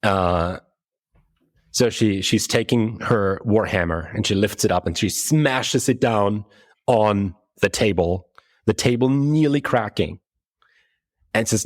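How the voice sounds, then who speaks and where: A man narrating a tabletop game as game master, with halting delivery and frequent restarts. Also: on the low side, no room sound, studio quality.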